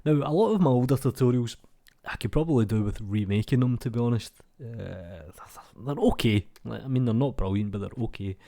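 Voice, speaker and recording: With lively intonation and a fairly quick pace, a young Scottish channel host chats loosely through viewer comments. His medium-pitched voice is dark with vocal fry, recorded at studio quality with no echo on a desk mic lacking a pop filter.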